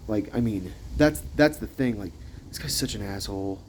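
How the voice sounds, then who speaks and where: A young man talking in a rambling personal monologue, hesitant, full of fillers and restarts, growing louder and higher when he gets worked up. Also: moderate pace, a little hiss or hum.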